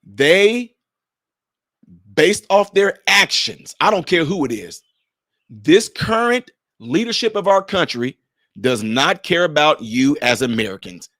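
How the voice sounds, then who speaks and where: High-voiced man preaching at his viewers. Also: very animated, slow pace, fairly bright tone, no room sound, clean studio sound. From Chicago. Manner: preachy, mocking, addresses viewers directly. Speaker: political commentary vlogger. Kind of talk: heated commentary monologue.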